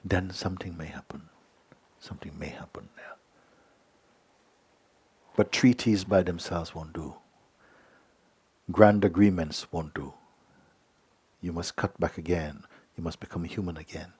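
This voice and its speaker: A middle-aged man gives a gentle satsang talk in a low, deep voice. His tone is husky and a little rough. He speaks unhurriedly, keeps asking "you see?" and "hmm?", and now and then drops to a near-whisper. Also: moderate pace, long pauses. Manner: drops to a soft whisper at times. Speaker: spiritual teacher. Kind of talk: satsang talk answering a letter.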